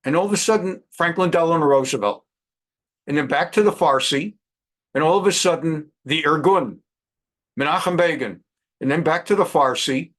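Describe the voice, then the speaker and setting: A man in his sixties, a rabbi hosting a weekly program, telling anecdotes in a chatty, animated way with frequent restarts. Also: on the high side, normal speed. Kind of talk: anecdotal monologue.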